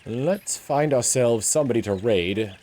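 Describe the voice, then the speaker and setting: A man's voice: medium pitch, animated, unhurried, mellow, faint music behind. A young man talking casually on a game livestream, rambling with lots of fillers and restarts. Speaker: game streamer.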